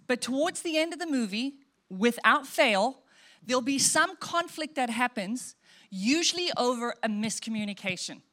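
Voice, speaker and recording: Middle-aged woman pastor, high voice, emotive preaching that swings soft to emphatic. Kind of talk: sermon.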